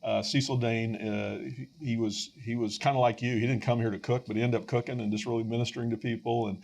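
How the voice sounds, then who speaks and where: A middle-aged man hosting a podcast, telling a story with lively energy and frequent fillers and restarts. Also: mid-range voice, fast, creaky. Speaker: podcast host and rescue mission leader.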